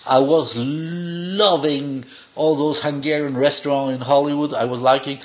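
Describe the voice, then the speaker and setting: An older man, a cinematographer, telling animated, rambling stories in casual, non-native English with restarts. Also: fairly high pitch, measured pace. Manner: rambling, animated anecdotes with frequent laughs and restarts. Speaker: cinematographer being interviewed. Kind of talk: casual anecdotal storytelling.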